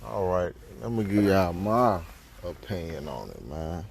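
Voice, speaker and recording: A man's voice: sits low, unhurried, creaky, slight background noise. A man hosting a podcast, giving his blunt, profane take on a news story in casual talk. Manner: profane, animated, rhetorical. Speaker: podcast host.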